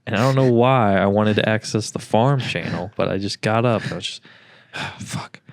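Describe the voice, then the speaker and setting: A man's voice: on the low side, moderate pace, dry recording, clean studio sound. A young man co-hosting a podcast, telling childhood stories in a rambling, casual way and acting out quotes in a raised voice. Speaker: podcast co-host. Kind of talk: casual chat.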